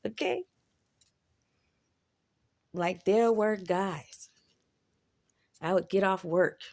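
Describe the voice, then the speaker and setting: A woman's voice: medium pitch, extremely slow, long pauses. A woman in a casual monologue, talking bluntly and with plenty of profanity as she reflects on her own life. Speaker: vlogger.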